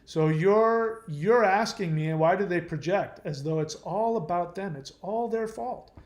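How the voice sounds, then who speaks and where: A man's voice: high voice, unhurried, darkish tone, echoey room. A man hosting his channel, reading viewer comments aloud and answering them in a blunt, lecturing way.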